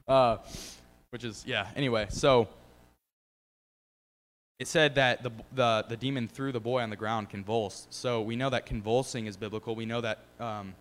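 A man's voice: mid-range voice, fairly even intonation, moderate pace, in a large hall. A man giving a casual, rambling testimony about faith and preaching, full of fillers and restarts. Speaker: lay preacher.

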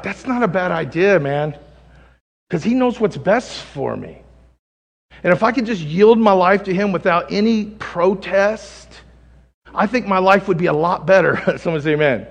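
A man preaching a sermon in a conversational style, calling for amens and swinging from loud peaks to low asides. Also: expressive, moderate pace, vocal fry. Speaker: pastor. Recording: long hall reverb.

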